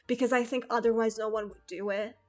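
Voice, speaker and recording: A woman's voice: fairly high pitch, fairly even intonation, fairly quick, soft background music. Chatty young woman streamer, swears freely. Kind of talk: casual chat.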